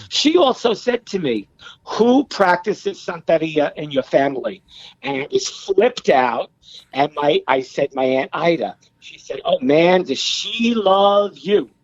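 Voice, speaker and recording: Middle-aged man telling animated stories. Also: on the high side, no room sound, lo-fi sound. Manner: animated, acts out quoted voices. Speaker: podcast guest. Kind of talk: casual storytelling.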